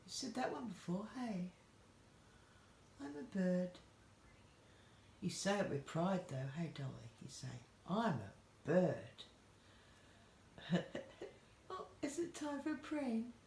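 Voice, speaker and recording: A woman's voice: medium pitch, very animated, measured pace, pauses often, a little mellow, far from the mic. A woman from Australia talking in a coaxing, affectionate way to her pet parrot. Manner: coaxing, affectionate baby-talk to a bird. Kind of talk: casual talk to a pet. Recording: echoey room, voice from off-mic, noisy.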